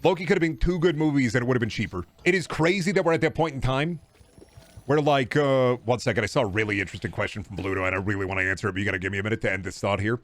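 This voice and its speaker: A man's voice: medium pitch, rapid-fire. A man streaming a video game, chatting casually and ranting with lots of swearing, slipping in goofy riffs. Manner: rambling, profane, riffs into silly voices. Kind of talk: casual gaming stream chat.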